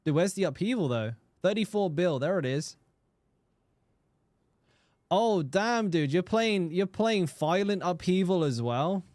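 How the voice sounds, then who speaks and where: A man's voice: high-pitched, animated, a little slow, pauses often, darkish tone, dry recording, studio quality. Sweary man streaming a game. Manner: casual, swears freely, chats with viewers; stammers and repeats words. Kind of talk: casual live-stream chat.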